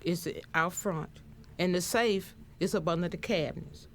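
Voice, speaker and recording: An older woman recounting her experience in documentary testimony, halting and repeating words as she goes. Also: fairly low pitch, a little hiss or hum. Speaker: crime survivor interviewee.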